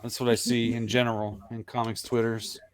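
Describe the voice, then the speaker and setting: A man of middling pitch chatting casually as a comic writer. He rambles, restarts his sentences and swears freely. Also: level tone, brisk. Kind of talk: casual chat.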